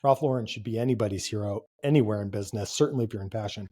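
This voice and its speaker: A husky, mellow-toned man in his fifties talks as an interview guest. He tells stories with energy, pushing hard on key words. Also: fairly low pitch, racing. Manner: energetic, emphatic storyteller. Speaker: guest, brand founder. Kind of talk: conversational interview.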